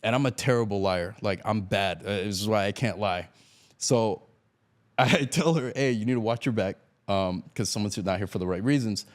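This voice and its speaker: On an interview podcast, a guest from Miami laughs often while animatedly recounting a story and acting out what people said. His voice is lowish and his speed normal.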